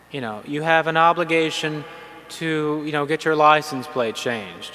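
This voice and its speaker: A man preaching to an audience, telling a funny story in a lively way and then turning to earnest teaching. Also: on the high side. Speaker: Catholic preacher. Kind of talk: humorous sermon to an audience. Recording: long hall reverb.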